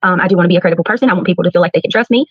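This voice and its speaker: Earnest woman talking to her viewers fast, muffled lofi audio. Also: on the low side, husky, dry recording. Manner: measured, earnest, halting restarts. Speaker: content creator. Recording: dull lo-fi clip.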